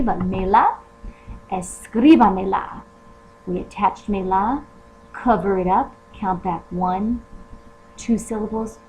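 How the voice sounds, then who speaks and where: A woman's voice: mid-range voice, darkish tone, a little hiss or hum, low-quality recording. A woman teacher explaining Spanish grammar step by step in a recorded lesson, often asking rhetorical questions.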